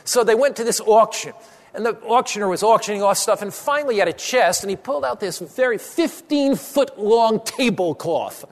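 A man preaching a sermon, telling a story with dramatic pauses and slowing on key phrases. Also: sits high, expressive. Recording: long hall reverb.

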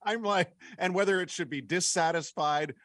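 A man hosting a casual sports talk show, quick and wry and prone to tangents. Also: sits high, a bit bright, no echo, studio quality. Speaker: sports podcast host.

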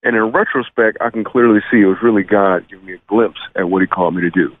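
Low-voiced comedian on a tinny phone line. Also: male voice, fast. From Michigan, USA. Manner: joking, animated storyteller. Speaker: comedian guest. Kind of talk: phone-in radio interview.

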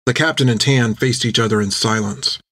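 A man's voice: mid-range voice, a little fast, dry recording. Man narrating a story in a dry close voice. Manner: steady, even storytelling. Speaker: audiobook narrator.

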